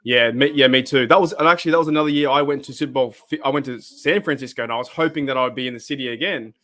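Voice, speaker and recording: A man with an Australian accent hosting a live-stream reaction, chatting casually in a rambling, animated way and swearing freely. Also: mid-range voice, very fast. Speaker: host.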